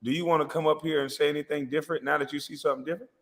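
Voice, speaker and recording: A man's voice: on the high side, steady tone, rapid-fire, a bit bright, long reverb tail. A man hosting a livestream, ranting boastfully and profanely and laughing often. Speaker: livestream host. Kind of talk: comedic livestream rant.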